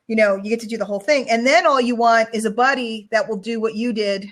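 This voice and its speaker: Chatty woman hosting an online show. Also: fairly high pitch. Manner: chatty, rambling, quick storyteller. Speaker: show host. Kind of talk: casual online show chat.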